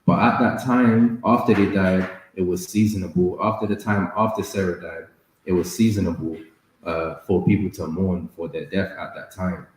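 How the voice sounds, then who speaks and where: A man co-leading a casual Bible study, explaining steadily and reading scripture aloud at a measured pace. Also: deep voice, steady tone, a little hiss or hum. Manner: measured, reads scripture slowly. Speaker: Bible study co-host and reader. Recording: echoey room.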